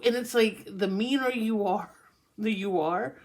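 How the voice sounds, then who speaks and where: Slow-talking woman reading tarot cards. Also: medium pitch, a little mellow. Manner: laughing, amused, chatty. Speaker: tarot reader.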